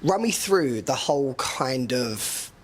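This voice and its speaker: A man's voice: medium pitch, expressive, slow pace. A man hosting an interview podcast, steering the talk with friendly prompts. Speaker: podcast host. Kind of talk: casual interview.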